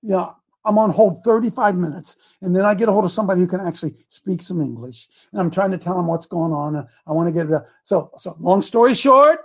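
A man's voice: high-pitched, quick pace. A man hosting an online group, telling a rambling story with many restarts. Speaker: host.

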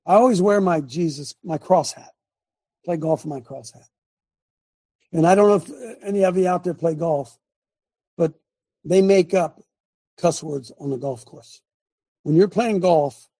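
In a laid-back group talk, the Bible study leader and host called Coach spins unhurried, folksy stories peppered with rhetorical asides, often checking whether everyone agrees. His voice is husky, mellow and fairly high, captured dry and close as if over a video call.

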